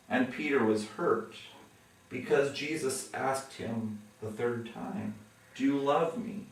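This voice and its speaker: A man preaches a sermon at an unhurried, measured pace. He acts out the people in his story, his voice climbing louder and higher whenever he quotes them. He is heard from some distance away in a strongly echoing room. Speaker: pastor. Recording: echoey room from far off.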